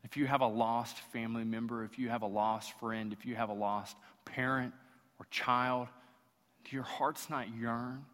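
A man preaching at a medium pitch, piling up repeated phrases as his sermon builds. His voice rings out with a long reverb tail, as though filling a church sanctuary. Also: steady tone, moderate pace, fairly bright tone. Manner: impassioned, rhetorical preaching with repetition. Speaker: pastor.

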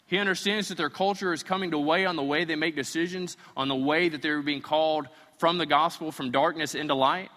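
A man's voice: on the high side, steady tone, brisk, few pauses, bright, forceful tone, in a large hall. A man preaching a sermon in a conversational way, sometimes acting out imagined voices. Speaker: pastor.

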